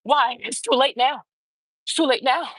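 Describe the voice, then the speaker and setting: High husky woman ranting heatedly. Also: normal speed, fairly bright tone, no room sound. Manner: heated, profane, repeats phrases for emphasis. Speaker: show host. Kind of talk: opinionated commentary rant.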